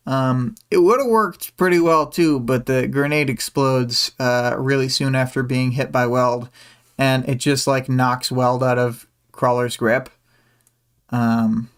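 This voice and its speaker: A man with a smooth, resonant voice at an ordinary middle pitch, hosting a livestream. He recaps a story chapter in a relaxed, casual way, often pausing on ums and uhs and adding small asides. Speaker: livestream host.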